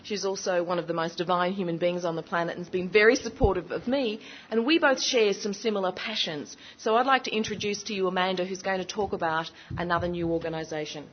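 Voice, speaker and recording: A woman's voice: on the low side, fast, few pauses. A woman hosting a conference and introducing the next speaker with effusive praise. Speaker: summit organiser and host. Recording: muffled lo-fi recording.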